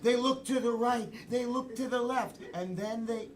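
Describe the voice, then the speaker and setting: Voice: mid-range voice, normal speed, crowd noise. An improv performer narrating a made-up story on stage in a playful way. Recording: distant mic in a live room.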